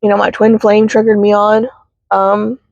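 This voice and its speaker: A woman's voice: mid-range voice, little pitch movement, gravelly, a little mellow, no echo. Woman, teary vlogger, hesitant and filler-heavy, dull dry car-phone sound. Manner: halting, many fillers and apologies. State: teary, sniffling. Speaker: spiritual healing vlogger. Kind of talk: casual heartfelt vlog. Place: parked car.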